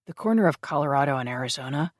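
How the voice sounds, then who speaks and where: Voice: mid-range voice, lively intonation, fast talker, no room sound, studio quality, close to an everyday voice. An audiobook narrator voicing a breezy, joking male sidekick who drives the group.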